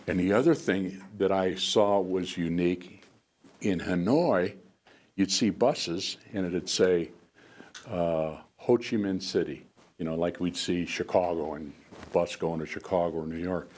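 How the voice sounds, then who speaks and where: With a deep, darkish voice and a measured pace, an older American man in his seventies shares stories with an audience as a veteran guest speaker. His delivery rambles, with frequent fillers and restarts, and faint background noise can be heard.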